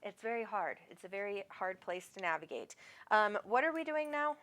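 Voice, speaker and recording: A woman's voice: mid-range voice, big pitch swings, moderate pace, fairly bright tone. A middle-aged woman hosts a live psychic show in an affectionate, rambling way. She fills her talk with "um" and "like" and calls her callers "honey." Her voice sits in a middle register. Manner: chatty, affectionate, rambling with many fillers. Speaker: psychic medium host. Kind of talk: live-stream reading with callers.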